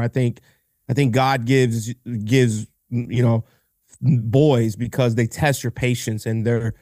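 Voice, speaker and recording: A man's voice: mid-range voice, darkish tone, no echo, studio quality. Earnest, emotional man telling his story. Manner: candid, earnest, many restarts and "man". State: emotional, near tears. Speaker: podcast guest, entrepreneur. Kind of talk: casual interview chat.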